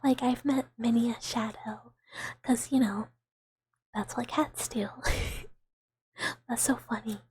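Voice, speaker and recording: A young woman whispering in an ASMR chat stream, soft and giggly, rambling with fillers on a close mic. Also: on the high side, fairly even intonation, slow pace, long pauses, husky.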